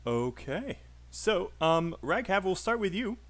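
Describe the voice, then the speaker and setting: A man's voice: high voice, big pitch swings, slow, music in the background. Encouraging British male English teacher. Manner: encouraging, coaching, filler-heavy. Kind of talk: online speaking class over voice chat.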